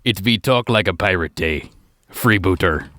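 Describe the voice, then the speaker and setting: Brief: man putting on a growly, swaggering pirate, bright and rough, dry close mic. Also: sits low, normal speed, no echo. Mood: piratey. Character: male pirate, gruff, growly and boastful. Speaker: podcast panelist. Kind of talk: comedy improv podcast.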